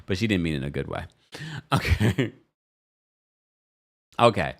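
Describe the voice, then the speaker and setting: A young man hosting a casual show recap, sassy and animated, who jumps into a high voice when he quotes people. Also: a little slow, gravelly. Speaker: recap host.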